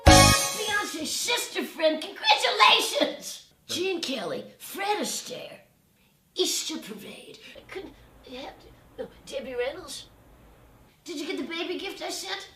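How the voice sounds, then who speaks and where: A woman's voice: extremely high pitch, very animated, a little slow, a bit bright, distant mic, pitched above the performer's own voice, full character voice. A woman impersonating a haughty, name-dropping aging female showbiz diva in a comedy video. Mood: grandiose. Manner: haughty, breathy stresses on certain words. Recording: roomy, off-mic with faint music.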